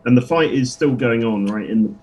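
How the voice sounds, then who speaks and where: Halting man describing his moves. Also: medium pitch, mellow. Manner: halting, many fillers and restarts. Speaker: player. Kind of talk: casual tabletop play.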